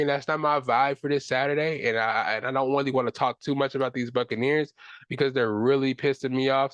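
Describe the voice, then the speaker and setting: A man's voice: medium pitch, fairly bright tone, no echo. A young man hosting a solo sports podcast, ranting in frustration with casual slang and profanity. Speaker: podcast host.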